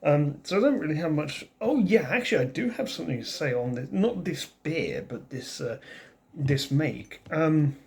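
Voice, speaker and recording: A man's voice: on the high side, animated, normal speed, a little mellow, slight background noise. A man hosting a casual vlog beer review who rambles and often restarts his sentences.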